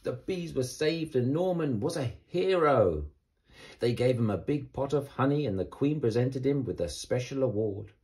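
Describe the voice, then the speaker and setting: A man reading a children's bedtime story aloud in a gentle, expressive way. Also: medium pitch, normal speed.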